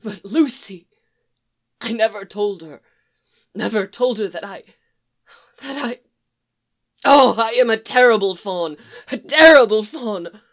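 A woman voicing a tender-hearted young male faun in a storybook reading, speaking in halting, broken-off phrases. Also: mid-range voice, lively intonation, darkish tone, slightly rough, heavily acted. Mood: tearful.

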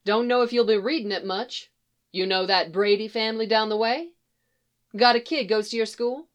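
A woman's voice: fairly high pitch, normal speed, lightly acted. A woman voicing a tough, weary farm mother who talks in short, plain-spoken lines. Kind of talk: audiobook character voice.

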